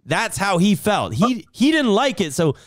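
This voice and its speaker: A man's voice: sits high, sing-song, unhurried, dry recording, studio quality. A man hosting a livestream, talking casually and telling a rambling, profane story to settle an argument. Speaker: livestream host.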